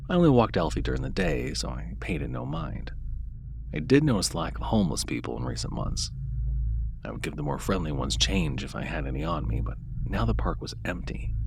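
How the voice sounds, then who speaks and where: A man with a creaky voice reads a first-person horror story aloud as dramatic scripted narration. He sinks into soft, low murmurs, then grows louder when the tension rises.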